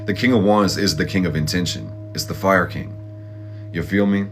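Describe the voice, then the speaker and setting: A man's voice: deep voice, moderate pace, a bit bright, soft background music. A man hosting an astrology and tarot reading, talking in a blunt, profane, pep-talk style full of slang. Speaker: astrology and tarot channel host. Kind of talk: casual motivational tarot reading.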